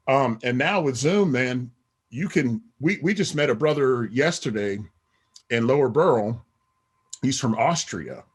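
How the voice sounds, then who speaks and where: A middle-aged man, a podcast guest, talking in a rambling casual way with many "you know what I mean" asides. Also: medium pitch. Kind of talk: casual interview talk.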